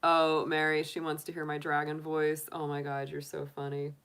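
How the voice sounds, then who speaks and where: A woman's voice: sits low, completely flat delivery, normal speed, a bit bright, clean tone. A woman tarot reader chatting casually and giggling with her livestream viewers. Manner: giggly, chatty, laughs often. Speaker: tarot reader, channel host.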